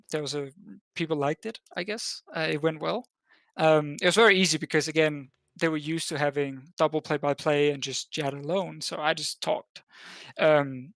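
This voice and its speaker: A man's voice: on the high side, fairly bright tone, dry recording. A man from Denmark, a podcast guest, telling a long story in a casual chat, full of fillers and restarts. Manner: rambling, with many fillers and restarts. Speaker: podcast guest, esports caster.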